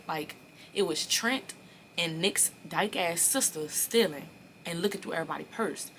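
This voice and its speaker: A woman in her early twenties telling a personal story in a casual, animated and profane way, acting out the dialogue. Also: low voice, brisk, slight background noise. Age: early 20s. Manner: animated, blunt and profane, acts out quoted dialogue. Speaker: storyteller vlogger.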